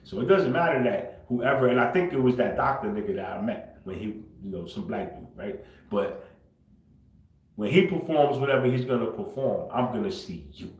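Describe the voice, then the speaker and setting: A man hosting a livestream, talking unscripted and confrontationally, swinging between low muttering and loud outbursts. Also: echoey room, rough recording. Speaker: livestream host.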